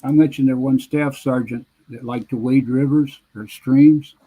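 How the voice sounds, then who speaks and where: A man in his seventies, a guest veteran, answering interview questions in a halting, measured way with frequent pauses. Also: mid-range voice, fairly even intonation, warm tone, slightly rough, rough recording. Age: 70s. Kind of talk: conversational interview reminiscing.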